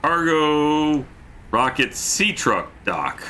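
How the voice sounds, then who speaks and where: Bright-voiced joking male streamer. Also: low-pitched, expressive, normal speed. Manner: joking, reads chat messages aloud. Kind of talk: casual gameplay commentary.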